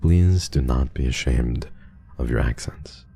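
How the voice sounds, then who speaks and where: A male streamer who is unwell, chatting casually on a livestream while reading donations, soft and drowsy in tone, often trailing off. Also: very deep voice, measured pace, vocal fry, breathy edge, faint music behind.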